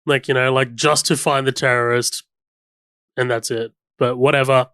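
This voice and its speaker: A man's voice: mid-range voice, level tone, moderate pace, fairly bright tone, smooth, dry recording, clean studio sound. A man co-hosting a film podcast, rambling casually with many "like"s and restarts. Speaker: podcast co-host. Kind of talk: casual chat.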